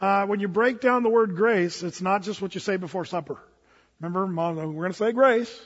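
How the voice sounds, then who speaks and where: Man, pastor, sermon, storytelling, husky, long hall echo. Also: high voice, fairly quick, dull audio. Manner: storytelling, animated, many restarts and fillers.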